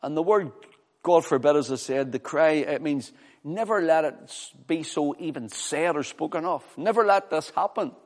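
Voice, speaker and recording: A man preaching a sermon with fervor, swinging from loud, high exclamations to low, quiet scripture reading. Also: moderate pace. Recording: long hall reverb.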